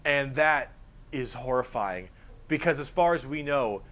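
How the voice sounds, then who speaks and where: A man's voice: medium pitch, expressive, a little slow, a bit bright. A man narrating a video in an earnest, explanatory way. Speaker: lore narrator.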